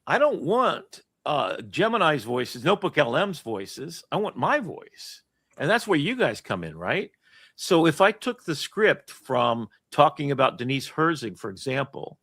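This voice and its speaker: A man's voice: a little high, a bit bright, dry recording, studio quality. A man hosting an interview show in casual chat, talking enthusiastically and jumping between thoughts over a video call. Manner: enthusiastic, rambling, rapid shifts of thought. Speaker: host.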